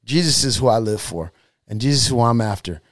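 A man's voice: medium pitch, expressive, brisk, no echo, clean studio sound. A man preaching a sermon, impassioned and street-casual, repeating lines for emphasis.

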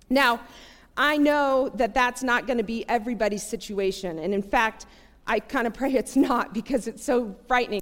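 A woman giving a sermon, telling a personal story in an earnest, conversational and animated way. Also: on the high side. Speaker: preacher. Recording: long hall reverb.

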